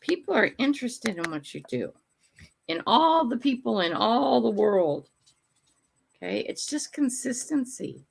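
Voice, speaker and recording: A woman's voice: fairly high pitch, sing-song, measured pace, gravelly, slight background noise. An older woman hosting a casual morning livestream from home, chatting with viewers and talking to her dogs in a rambling way. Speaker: livestream host. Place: home room.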